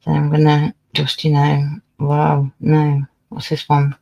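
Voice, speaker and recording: A woman's voice: low voice, completely flat delivery, slow pace, gravelly, mellow, muffled recording. A woman casually chatting on her livestream, swearing freely and scolding her cat as she talks. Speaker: livestream host.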